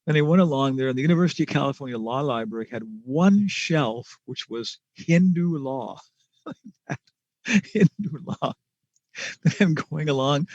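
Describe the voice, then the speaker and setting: A man teaching a scripture class with a gravelly, creaky voice. He talks in a loose, chatty way, restarting phrases and chuckling. The recording is dull and lo-fi, with a dry, close sound. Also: medium pitch, no room sound. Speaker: spiritual teacher.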